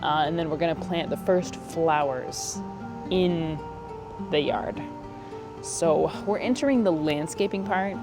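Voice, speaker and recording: Woman vlogger, chatty and easily moved, speaks slowly, clear music bed behind. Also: sits low. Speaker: gardening vlogger. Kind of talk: casual vlog chat.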